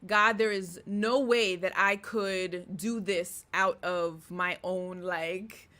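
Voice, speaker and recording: A young woman hosting a podcast, telling a personal story in a casual, animated way and acting out her own thoughts. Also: lowish voice, slow pace. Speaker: podcast host.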